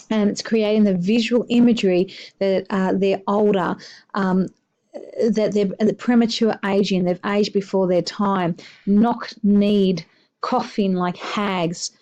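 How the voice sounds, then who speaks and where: A woman's voice: mid-range voice, steady tone, unhurried, mellow, lo-fi sound. A woman English teacher talking through a poem in a recorded lesson, explaining at an easy pace with many hesitations and fillers.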